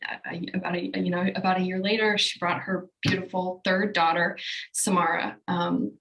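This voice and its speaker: A woman's voice: on the low side, flat delivery, moderate pace, a bit bright, roomy sound, rough recording. A woman speaking as a psychic medium guest, telling stories casually in a podcast interview, rambling with many fillers and restarts.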